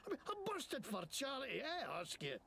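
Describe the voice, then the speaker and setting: A man's voice: very high-pitched, huge pitch swings, moderate pace, creaky, bright, forceful tone, slight background noise, full character voice. A man voicing a shifty male wasteland mechanic in a video game, talking in a put-on Scottish brogue, rambling and indignant.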